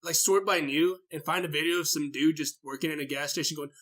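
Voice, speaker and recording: A man's voice: on the high side, fairly even intonation, fast talker, a bit bright. A young man co-hosting a casual group chat, telling profane stories and acting out little scenes. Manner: profane storyteller who acts out little scenes. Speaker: podcast co-host.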